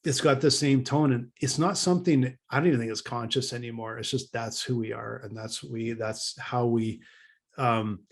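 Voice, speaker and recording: A man's voice: mid-range voice, fairly even intonation, moderate pace, vocal fry. Rambling podcast co-host man. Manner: rambling, many restarts, dry laughs. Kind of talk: casual podcast chat.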